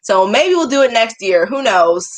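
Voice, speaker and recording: A woman's voice: fairly high pitch, very animated, normal speed. A young woman chatting casually to her viewers, self-mocking and often laughing. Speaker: vlogger.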